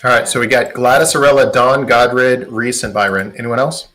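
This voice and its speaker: A man narrating as game master of a tabletop game in a measured way. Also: medium pitch, steady tone, fairly bright tone, soft background music.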